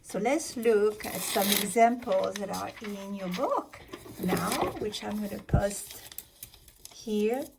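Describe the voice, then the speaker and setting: A woman's voice: medium pitch, vocal fry, darkish tone, a little hiss or hum. A woman teaching grammar in a recorded lesson, patiently walking through verb endings and spelling them out letter by letter. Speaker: French teacher.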